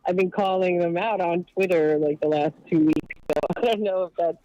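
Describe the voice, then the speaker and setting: A woman's voice: fairly low pitch, steady tone, moderate pace, warm tone, no echo. A woman calls into a podcast from work and talks loosely, with many fillers and small laughs. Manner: hesitant, thinks aloud with many fillers and laughs. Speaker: caller, cannabis activist. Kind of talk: casual phone call into a podcast. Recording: dull phone-line sound.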